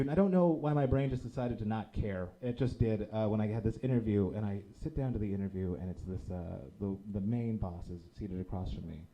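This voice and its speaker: A young man performing a stand-up comedy set, telling self-mocking stories in an animated way on a small theater stage. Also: fairly low pitch, dull audio, a little hiss or hum.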